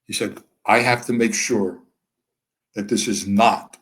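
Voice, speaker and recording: A man's voice: on the low side, measured pace. Older American man telling wry stories. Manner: animated, acts out dialogue with a dry wit. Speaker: interview guest. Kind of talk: candid storytelling.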